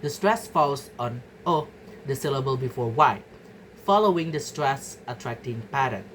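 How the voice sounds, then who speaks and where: A woman's voice: a bass voice, lively intonation, moderate pace, slight background noise, low-quality recording. A young woman from Indonesia giving a class presentation, carefully repeating example words to show their stress. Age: young adult. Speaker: student presenter.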